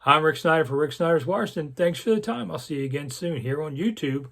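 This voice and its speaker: A man's voice: on the high side, animated, fast talker, vocal fry, fairly bright tone. A man in his sixties, a longtime sports columnist, reminiscing to camera in a casual, rambling way with lots of asides. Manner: rambling storyteller with frequent asides and self-corrections. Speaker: sports columnist hosting his own channel.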